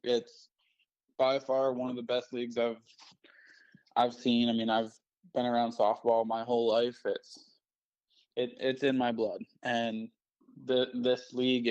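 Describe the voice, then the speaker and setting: A man's voice: medium pitch, a little mellow, smooth, highs cut off. A man calling in as a guest, speaking earnestly with many restarts. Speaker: guest on the phone. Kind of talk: casual chat.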